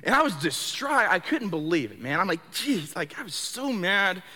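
A man giving a sermon testimony in a conversational way, stumbling over repeated words and swinging between soft low stretches and loud excited bursts. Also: moderate pace. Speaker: speaker sharing his testimony. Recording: long hall reverb.

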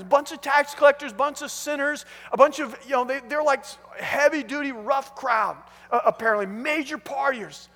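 A male pastor preaching an animated sermon in a church hall. His voice sits very high and forceful, full of restarts. A long reverb rings behind every phrase. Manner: animated storytelling, frequent restarts.

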